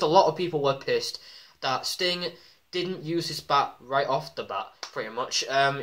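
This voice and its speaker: A man giving a casual, excitable wrestling commentary vlog, full of ums and acted-out shouts. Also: mid-range voice. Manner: excitable, many ums, acts out quoted shouts. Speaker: wrestling vlogger.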